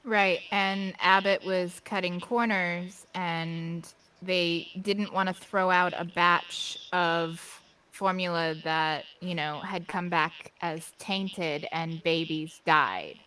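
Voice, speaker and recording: Woman, slow deliberate talker, bright tone, casual chat. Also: lowish voice, fairly even intonation, a little hiss or hum.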